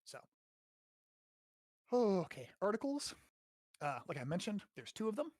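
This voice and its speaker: A man's voice: high voice, sing-song, measured pace, a little mellow, dry recording, studio quality. An American man hosting a casual grammar lesson, explaining in a chatty way, often checking with "right?" and swearing now and then. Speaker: host teaching grammar.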